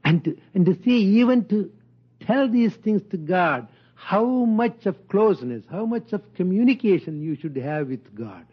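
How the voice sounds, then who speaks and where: An older man giving an informal spiritual talk, speaking slowly and gently and chuckling often. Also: sits high, animated, breathy edge, dull audio. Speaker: spiritual teacher.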